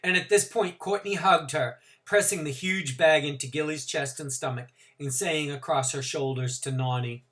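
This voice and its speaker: A man teacher reading a novel aloud to his class, with expressive, dramatic emphasis. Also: a little high, moderate pace, few pauses.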